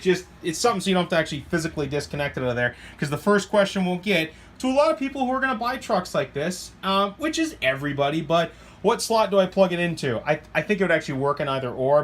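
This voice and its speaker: Excitable rambling man. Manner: excitable, rambling, jumps to high squeals when thrilled. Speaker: hobby shop owner reviewing RC trucks. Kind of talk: casual product review.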